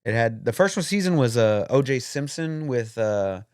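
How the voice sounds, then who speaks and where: Searching for names, this co-host rambles and curses through a casual podcast chat. His medium-pitched voice has lively intonation and a slightly mellow, clear, resonant tone at a moderate pace, captured at studio quality with no room sound.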